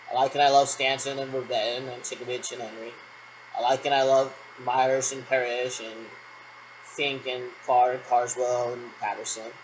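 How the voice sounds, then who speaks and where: A man's voice: medium pitch, a bit bright, slight background noise, poor audio. A man in a rambling solo monologue who repeats himself and answers his own questions.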